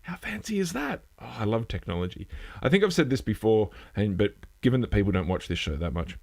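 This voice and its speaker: A man's voice: fairly low pitch, animated, fast, darkish tone. A man hosting a casual live news stream from a home setup, rambling and self-deprecating, trailing off and restarting as he goes. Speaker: host.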